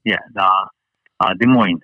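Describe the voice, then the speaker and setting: A man's voice: low voice, measured pace, dry recording, phone-quality sound. A man from Hawaii, a guest chatting casually and rambling with many fillers and restarts. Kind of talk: casual interview chat.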